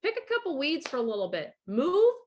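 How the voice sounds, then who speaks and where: A woman's voice: high-pitched, huge pitch swings, brisk, a little mellow, slight background noise. A woman host giving blunt, profane, casual advice about divorce and co-parenting, acting out the voices she quotes.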